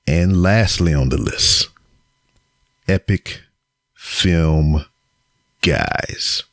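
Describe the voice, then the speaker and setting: A podcast host with a low-pitched, slow voice talks casually to camera in a solo segment, cursing his way through a joking roast. It was recorded at home with the camera's mic, yet the sound is clean and studio-like with no echo.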